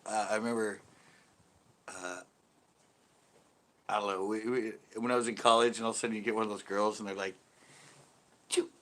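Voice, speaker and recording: A man's voice: fairly low pitch, little pitch movement, a little fast, pauses often, a bit bright. A man hosting a casual live stream, telling rambling stories, laughing often and reacting to viewer comments. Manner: rambling storyteller who laughs often and reads viewer chat aloud. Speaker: fishing channel host.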